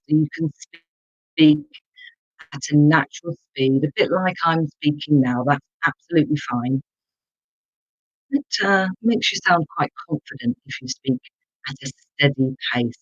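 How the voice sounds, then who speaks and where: Slow, deliberate online English teacher. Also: mid-range voice, no echo, lo-fi sound. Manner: slow, deliberate, repeats words for learners to copy; addresses viewers in the chat directly. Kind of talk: live online language lesson.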